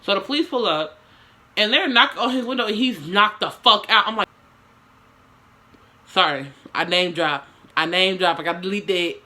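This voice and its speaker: A woman's voice: mid-range voice, lively intonation, normal speed, pauses often, bright, forceful tone. A young woman telling a story to her camera in casual slang, with swearing and lots of dramatic asides.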